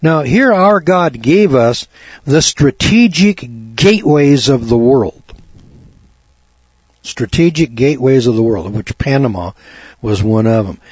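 Fervent husky preacher. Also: male voice, measured pace, dry recording. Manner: fervent, emphatic, repeats words, rising to a high excited pitch. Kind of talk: sermon. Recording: dull, dry lo-fi recording.

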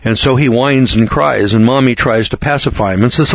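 A man's voice: fairly low pitch, moderate pace, hardly any pauses, no room sound. A man giving a blunt, rambling, opinionated monologue, mocking and repeating words as he goes. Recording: dull lo-fi recording, dry.

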